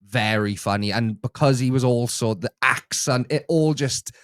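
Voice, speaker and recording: Smooth-voiced hesitant man chatting. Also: mid-range voice, normal speed, no echo, clean studio sound. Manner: hesitant, restarts sentences, easygoing. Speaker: co-host, the host's editor. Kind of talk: casual chat.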